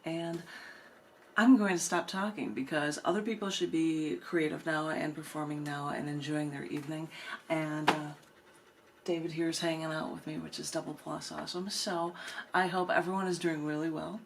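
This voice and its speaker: A woman poet hosts an open mic and talks in a chatty, easygoing way between readings. Her voice is low, with a faint ambient hum underneath. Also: flat delivery, normal speed, creaky. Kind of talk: poetry reading with casual chat.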